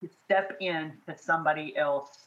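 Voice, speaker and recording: A woman from the American South co-hosting a faith podcast, chatting in an animated, encouraging way and laughing easily. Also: low-pitched, moderate pace, echoey room, lo-fi sound. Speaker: podcast co-host. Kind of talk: casual faith chat.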